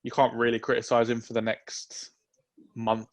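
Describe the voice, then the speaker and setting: A man co-hosting a casual football podcast, giving relaxed, opinionated takes. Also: mid-range voice. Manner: relaxed, opinionated, drawn-out reasoning. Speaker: podcast co-host.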